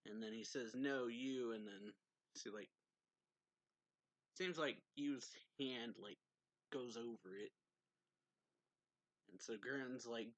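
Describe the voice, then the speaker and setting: A man's voice: medium pitch, takes it slowly, long pauses, fairly bright tone, rough recording. A man casually recapping a manga chapter in a rambling way, full of fillers and reading quoted lines aloud. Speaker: manga reviewer.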